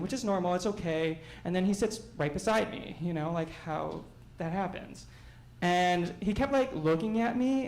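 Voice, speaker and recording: A man's voice: high-pitched, reverberant, rough recording. Self-mocking male stand-up comic. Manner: self-mocking, animated storytelling. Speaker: stand-up comedian. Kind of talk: stand-up set.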